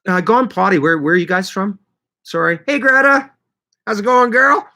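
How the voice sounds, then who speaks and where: A man from Manitoba hosting a casual livestream, greeting viewers by name and chatting in a lively, laughing way. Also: sits high, moderate pace, creaky. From Canada (Manitoba). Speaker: livestream host reading chat.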